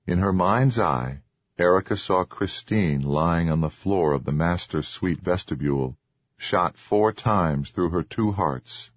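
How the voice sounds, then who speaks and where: A man narrating a horror audiobook in a measured, expressive reading. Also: low voice, no room sound, muffled recording.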